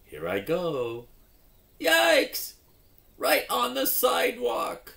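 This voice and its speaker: Guy doing a squeaky excited little boy, voice jumping all over, slow storybook read. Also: vocal fry, heavily acted. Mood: startled. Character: excitable young boy learning to ride. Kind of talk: dramatic phonics story reading.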